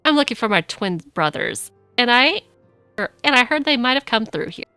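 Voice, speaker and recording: A woman voicing a gruff, folksy male merchant from a video game who calls people 'lass' and 'fella'. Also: a little high, sing-song, moderate pace, pushed and bright, no room sound, soft background music. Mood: hearty. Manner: folksy rough speech, calls people lass and fella.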